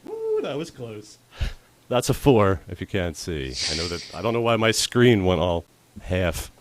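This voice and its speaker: A man running a tabletop game as dungeon master, chatty and quick with asides, often laughing. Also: sits low, no echo. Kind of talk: narrating a tabletop game on a livestream.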